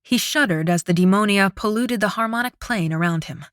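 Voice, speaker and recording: A woman narrating an audiobook with a steady, dramatic reading, close to the microphone. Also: mid-range voice, a little fast, no room sound. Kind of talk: scripted narration.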